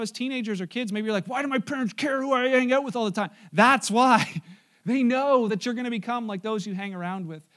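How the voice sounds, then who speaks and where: High-voiced man preaching conversationally. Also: fairly bright tone. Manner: conversational preaching with asides and humor. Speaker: pastor. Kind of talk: sermon.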